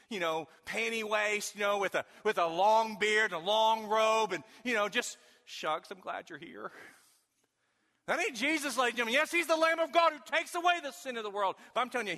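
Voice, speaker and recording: High, bright-voiced preacher in a reverberant hall. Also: male voice. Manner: emphatic preaching, with folksy storytelling and sudden shouted questions. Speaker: pastor. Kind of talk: sermon.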